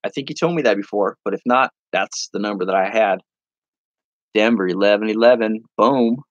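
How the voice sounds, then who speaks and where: Low-voiced guy rambling on a live stream, goofy, reads out comments, dry kinda muffled audio. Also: normal speed, no echo. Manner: rambling, jokey, reads viewer comments aloud; silly, playful with sudden high-pitched bursts. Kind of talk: casual live-stream chat.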